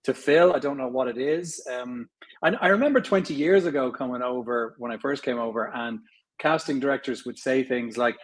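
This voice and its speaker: A middle-aged man with an Irish accent, an actor talking as a guest in an interview, thoughtful, pausing with fillers and restarts. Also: medium pitch, poor audio. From Ireland. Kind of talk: conversational interview.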